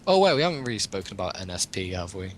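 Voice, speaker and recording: A young man hosts a loose, joking chat. His voice is on the low side, and a faint hiss runs under the recording. He rambles from point to point and laughs at his own jokes. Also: sing-song, racing. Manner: rambling, jokey, laughs often. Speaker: podcast host. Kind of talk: casual chat.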